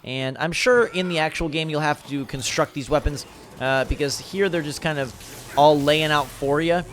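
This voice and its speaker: A young man talks over gameplay footage in loose, excited commentary, full of fillers and restarts. He sounds tired from a late night, and his voice sits a little high. A faint hiss runs under the recording. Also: normal speed. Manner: casual, enthusiastic rambling with fillers. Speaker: gaming video host.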